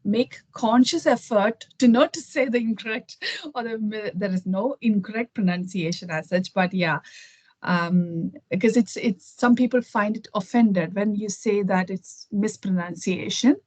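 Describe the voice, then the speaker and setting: A woman's voice: mid-range voice, measured pace, a little mellow, no echo. A middle-aged woman from Kerala speaks with an Indian accent, chatting as a guest over a video call. She thinks aloud, with many fillers and restarts. The sound is dry and close. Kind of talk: casual conversation.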